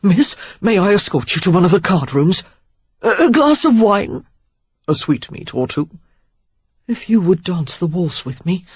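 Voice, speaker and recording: A reader plays a pack of excitable young men, their voices raised high and loud as they babble over each other. The recording is dull, dry and lo-fi. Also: normal speed, slightly rough, no room sound. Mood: eager. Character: eager young male gentlemen gossiping.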